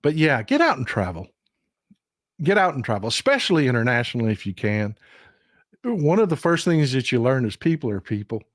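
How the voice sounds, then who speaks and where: This livestream host, a middle-aged Texan, spins folksy stories in a brisk, chatty, emphatic style with big pitch swings in his mid-range voice. The studio-quality audio has no echo.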